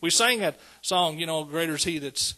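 A man's voice: fairly high pitch, normal speed, pushed and bright. A man preaching a sermon, conversational and calling out to the congregation. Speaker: pastor.

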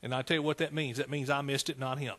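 A man's voice: medium pitch, steady tone, fast, fairly bright tone. A man preaching a fervent sermon, calling out to his congregation.

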